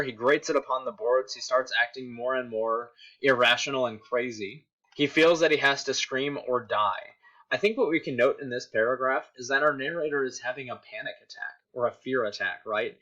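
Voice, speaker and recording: A man's voice: medium pitch, moderate pace, pushed and bright. A male teacher giving a recorded literature lesson, explaining step by step and checking in with "right?". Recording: dull lo-fi recording.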